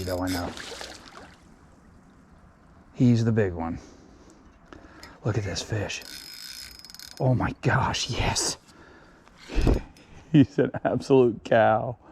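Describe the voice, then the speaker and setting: A man filming himself fishing a small creek outdoors, chatting excitedly and talking to the fish as he reels them in. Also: on the low side, slight background noise. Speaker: fishing vlogger. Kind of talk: casual on-the-spot fishing vlog.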